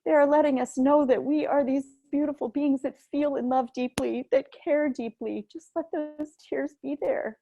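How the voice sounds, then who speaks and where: A woman leading an online grief yoga session, giving soft, gentle guidance through a headset mic. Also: sits high, fairly even intonation, normal speed, creaky, hardly any pauses, highs cut off.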